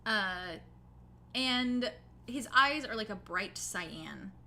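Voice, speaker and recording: A woman's voice: a little high, expressive, very slow, pushed and bright. A young woman narrating a tabletop game as game master, casual, with lots of fillers.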